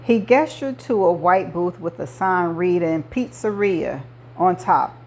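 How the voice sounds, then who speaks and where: A woman reading a novel aloud, narrating in the first person with measured delivery. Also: fairly low pitch, lively intonation. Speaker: audiobook reader.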